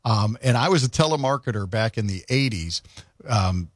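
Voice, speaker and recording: A man's voice: fairly low pitch, lively intonation, normal speed, no room sound. Rambling radio guy chatting on a morning show, dry studio mic, lots of ums. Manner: rambling, chatty, many fillers and restarts. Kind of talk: casual on-air chat.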